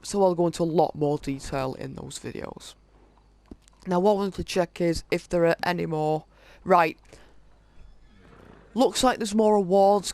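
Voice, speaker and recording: A man hosting a gaming video, casually reading through a list of in-game items with many halting fillers. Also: high voice, vocal fry, darkish tone, no echo. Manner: reads off item lists, halting with frequent fillers. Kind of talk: casual game walkthrough commentary.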